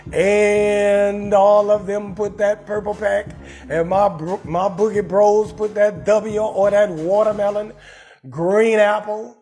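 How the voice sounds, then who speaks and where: A man with a New Orleans accent hosts a live comedy talk stream in a very high, gravelly voice. He is loud and rowdy, cursing as he reads viewer comments and roasts people. Faint music plays behind him. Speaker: comedy talk show host.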